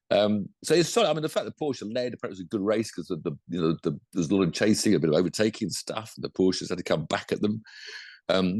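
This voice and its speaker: Casual podcast co-host with a low voice and a dry sound, rambling and self-correcting. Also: male voice, darkish tone, no echo. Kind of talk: casual motorsport chat.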